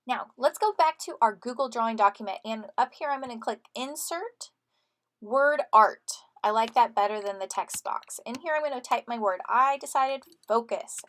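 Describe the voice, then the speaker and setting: A woman teacher talks students through a computer task one click at a time, in a friendly and encouraging way. Her voice sits a little higher than most, and she sounds relaxed as she narrates a screen-recorded tutorial. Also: normal speed. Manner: friendly step-by-step instructions to students.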